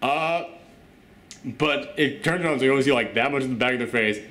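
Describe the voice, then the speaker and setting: Joking, animated man in an echoey room. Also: medium pitch, a little fast. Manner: animated, joking, acts out scenes in little voices. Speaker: review show host. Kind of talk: casual spoken TV review. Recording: roomy echo.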